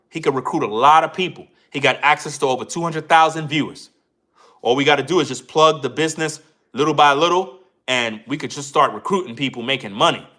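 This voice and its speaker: A man voicing a smooth-talking male business recruiter, making a quick persuasive pitch. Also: fairly bright tone, lightly acted.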